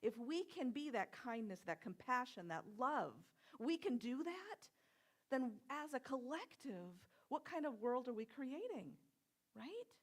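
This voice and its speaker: A woman's voice: high-pitched, sing-song, a little slow. Woman minister giving a conversational sermon. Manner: conversational, storytelling, soft whispered asides. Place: church sanctuary.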